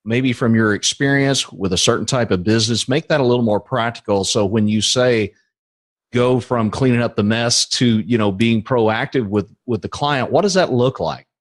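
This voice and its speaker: A man's voice: medium pitch, moderate pace. Conversational male podcast host. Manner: probing, conversational. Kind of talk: interview questions.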